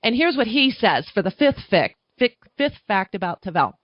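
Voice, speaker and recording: A woman's voice: mid-range voice, very animated, dry recording. Woman musing over a dull, dry call. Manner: thoughtful, lists facts with pauses. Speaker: wine podcast guest. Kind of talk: casual chat on a video call. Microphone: video call.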